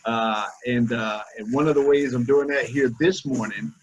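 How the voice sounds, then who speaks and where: A man's voice: medium pitch, steady tone, moderate pace, a little hiss or hum, poor audio. A man hosting a casual webinar interview over a video call, upbeat and slangy, calling his guest "man" again and again. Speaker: webinar host.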